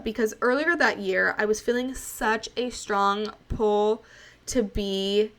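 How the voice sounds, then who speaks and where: A woman's voice: medium pitch, unhurried, bright, forceful tone. A young woman in her late twenties hosts her own podcast. She tells a personal story in a candid, chatty way, often turning to her listeners as she talks. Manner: candid and chatty, addresses listeners as "you guys". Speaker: podcast host.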